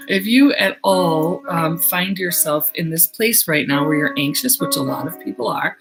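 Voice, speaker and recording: Woman, low-ish pitch, slow, soothing guided-meditation delivery over clear piano music. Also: low-quality recording. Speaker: medium leading a guided meditation. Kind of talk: live-stream guided meditation. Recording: piano music played behind her.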